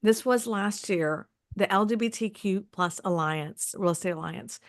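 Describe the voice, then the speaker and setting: A woman's voice: medium pitch, unhurried, no room sound, studio quality. A woman moderating a panel, effusive and emotional as she introduces speakers.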